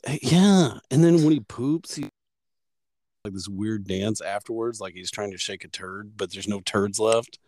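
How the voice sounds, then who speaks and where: A man's voice: lowish voice, unhurried, a little mellow, no room sound. Guy cohosting a podcast, jokey and sweary, does silly voices for his dogs, dry close sound. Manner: joking, profane, acts out his dog and neighbors in funny voices. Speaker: podcast co-host. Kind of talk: casual chat.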